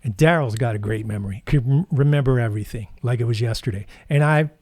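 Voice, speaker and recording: A man in the middle of his register tells music stories in a relaxed, rambling way. He stops for fillers and restarts as the memories come back. The recording is dry and close, with no room sound. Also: medium pitch, fast talker, dry recording. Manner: rambling, anecdotal, with many fillers. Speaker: guitar channel host. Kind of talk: casual storytelling.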